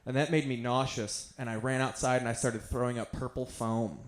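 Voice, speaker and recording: A man's voice: mid-range voice, fairly even intonation, fairly quick. Man telling stand-up stories in a roomy venue. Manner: self-mocking, offhand storytelling. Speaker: stand-up comedian. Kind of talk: stand-up storytelling.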